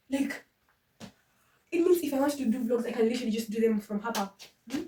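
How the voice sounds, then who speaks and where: A young woman with a Kenyan accent vlogging casually in her room, excitable and switching between English and Swahili, a bit congested and coughing from a flu. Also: a little high, quick pace. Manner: excitable, mixes English and Swahili, shrieks when thrilled. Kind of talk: casual vlog chat. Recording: distant phone mic with clear background noise.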